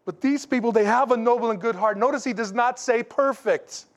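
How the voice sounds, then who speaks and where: A man preaching a sermon in a folksy, animated way, with asides to the congregation. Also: extremely high pitch, brisk. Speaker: pastor.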